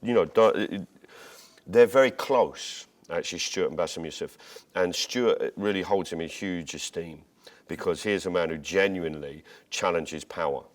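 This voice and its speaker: A man being interviewed as a comedian, telling jokes and stories in an animated way, restarting his sentences as he goes. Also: deep voice, moderate pace. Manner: animated, tangents and restarts while retelling jokes. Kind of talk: conversational interview storytelling.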